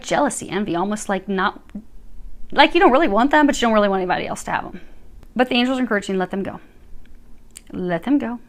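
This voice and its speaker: A woman's voice: mid-range voice, fairly bright tone. A woman giving a tarot reading in a chatty, emphatic way, her voice swinging up and down as she stresses points. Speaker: tarot reader. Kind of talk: casual tarot reading to camera.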